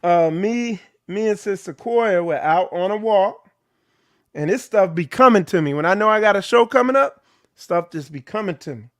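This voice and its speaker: A man's voice: high voice, animated, moderate pace, a bit bright, no room sound, clean studio sound. A man leading an informal ministry talk, preaching bluntly and with animation. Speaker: ministry leader. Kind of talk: informal sermon.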